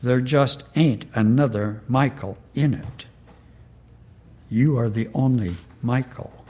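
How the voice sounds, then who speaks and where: A gentle, folksy Marine sergeant, voiced by a man reading a story aloud, puzzled but warm-hearted. He talks slowly and plainly at a middle pitch.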